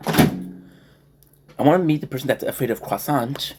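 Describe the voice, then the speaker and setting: A man talks through a casual eating vlog at an ordinary pitch. He rambles from joke to joke and keeps tripping over his words and restarting. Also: expressive, moderate pace, heavy background noise. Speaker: food vlogger.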